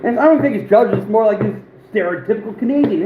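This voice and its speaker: A man's voice: sits high, animated, fast, narrow, tinny audio. A man hosting an outdoors livestream, chatting casually and rambling with many fillers as he talks to viewers. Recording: roomy echo, faint background noise.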